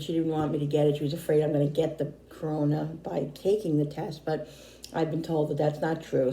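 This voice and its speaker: A middle-aged woman vlogger chatting casually to camera, rambling and repeating herself, slightly hoarse and tired. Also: deep voice, warm tone. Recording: echoey room.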